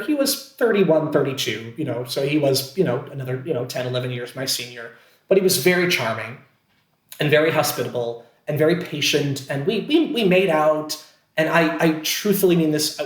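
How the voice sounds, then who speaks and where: A man from Pennsylvania, a podcast guest and actor, telling a story casually with lots of fillers and self-deprecating asides. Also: fairly high pitch. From Scranton, Pennsylvania, USA. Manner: chatty and self-deprecating, many fillers and restarts. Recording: roomy, echoey sound.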